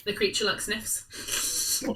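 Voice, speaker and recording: A woman runs a tabletop game, narrating with a bright, forceful voice and bursts of giggling. She adds silly bouncing sound effects. The mic sits a bit away, with a faint hiss underneath. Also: slow. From United Kingdom. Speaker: dungeon master. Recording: slightly distant mic with faint noise.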